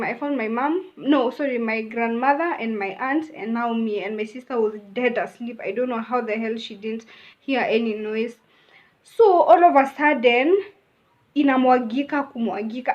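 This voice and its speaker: A woman's voice: on the high side, highs cut off. A young woman with a Kenyan accent telling a personal story in a casual, chatty way, mixing in Swahili phrases. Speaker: vlogger.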